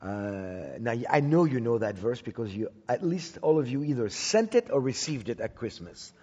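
A man's voice: mid-range voice, very animated, moderate pace, warm tone, husky. Man preaching in a reverberant hall. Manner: conversational, with frequent restarts and repeated words. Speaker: Bible teacher speaking to a congregation. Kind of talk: sermon told as a personal story. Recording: dull recording with long hall reverb.

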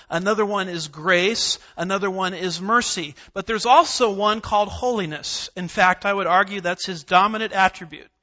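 A man preaching in a church, his voice pitched high and bright as he drives his points home with repeated phrases and scripture references. The recording sounds a little dull and lo-fi. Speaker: pastor. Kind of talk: verse-by-verse sermon. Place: church sanctuary.

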